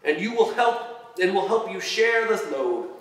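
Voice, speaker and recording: A man's voice: sits high, sing-song, measured pace, pitched above the performer's own voice. A man reading a story aloud, voicing a stern, bossy Santa who bellows orders. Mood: commanding. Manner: bellowing, commanding. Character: stern bossy old male Santa boss. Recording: echoey hall from far off.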